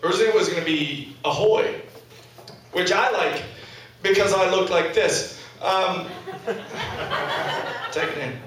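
A man's voice: sits high, unhurried, long pauses, far from the mic, background noise. A man in his thirties doing a stand-up comedy set, self-deprecating, profane and wry. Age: 30s. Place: comedy club stage, indoors. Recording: echoey club audio from afar with audience laughter.

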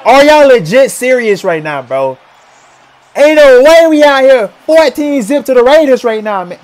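A man reacting live to a football game, excitable, exclaiming and repeating himself. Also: extremely high pitch, normal speed. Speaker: sports reaction streamer.

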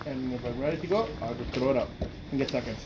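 A man's voice: medium pitch, fast talker, background noise. A man in casual chat who teases his friends with exasperated remarks. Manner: teasing, exasperated.

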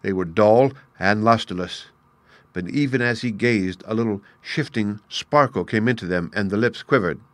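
Low-voiced male story narrator. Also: moderate pace, no echo.

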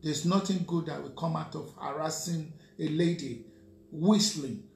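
A man's voice: fairly high pitch, steady tone, moderate pace, gravelly. A Nigerian man co-hosting a radio talk show, lecturing listeners and often checking that they understand. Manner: lecturing, keeps asking "you understand?". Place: radio studio. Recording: echoey room with faint hum.

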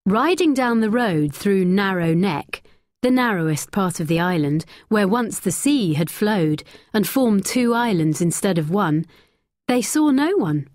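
A woman narrating a graded-reader story slowly, clearly and expressively. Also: medium pitch, expressive, a little mellow, no room sound, clean studio sound.

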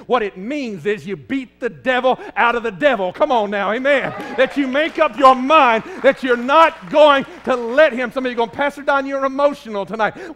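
A man with a Southern US accent preaching a fervent sermon as pastor in a church, often rising to a shout. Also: extremely high pitch, animated, a little fast, few pauses. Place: church sanctuary.

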